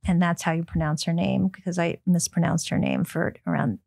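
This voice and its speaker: A middle-aged American woman, a book editor, chatting in an interview, full of ums and quick restarts. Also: lowish voice, vocal fry, darkish tone, slightly rough. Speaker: book editor, podcast guest. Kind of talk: casual interview chat.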